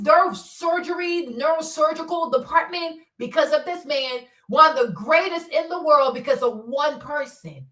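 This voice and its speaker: A woman hosting a casual livestream, talking in an animated, profane way that swings between loud outbursts and quiet mutters. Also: sits high, far from the mic. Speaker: livestream host. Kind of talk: casual unscripted commentary. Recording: roomy echo, voice a bit off-mic.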